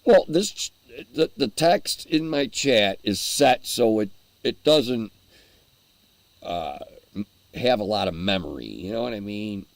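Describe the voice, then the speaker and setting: A man's voice: fairly low pitch, lively intonation, a little slow, vocal fry, no echo. A man hosting a casual livestream, rambling and chuckling as he answers his chat while eating. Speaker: livestream host.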